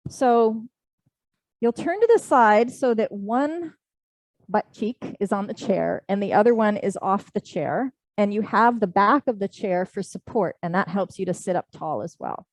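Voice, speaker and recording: A woman teaching a live yoga class to people in the room and online. She gives gentle, slow breathing cues. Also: mid-range voice, no room sound, low-quality recording. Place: indoor studio class, also streamed online.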